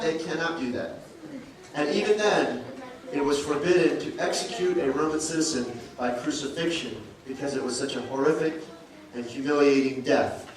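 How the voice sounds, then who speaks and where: Pastor preaching in a very echoey hall. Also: male voice, on the high side, noisy background. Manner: storytelling, acts out quoted dialogue. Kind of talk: sermon. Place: church sanctuary. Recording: far from mic, very echoey church hall.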